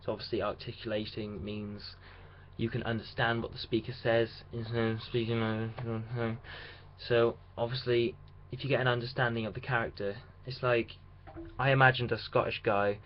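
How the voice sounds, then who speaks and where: A man's voice: medium pitch, level tone, normal speed. Young man rambling through a lo-fi vlog. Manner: chatty, rambling, with restarts. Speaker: radio drama student. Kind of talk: casual video diary. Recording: dull lo-fi sound with faint hiss.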